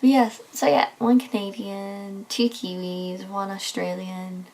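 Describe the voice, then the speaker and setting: Young english woman doing a chatty video diary, gushy and excitable, sighs a lot, drops to a whisper sometimes. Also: on the low side, unhurried. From England. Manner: gushing and excitable, often sighing and dropping to a whisper. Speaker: vlogger.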